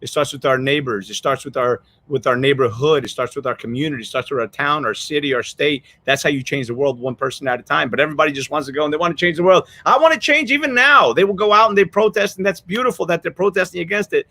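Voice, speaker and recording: An earnest male podcast host tells a story in a loose, rambling way, restarting his sentences often. He sounds choked up. His voice sits at an ordinary middle pitch. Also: quick pace, few pauses, fairly bright tone, no echo. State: choked up with emotion. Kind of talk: casual storytelling chat.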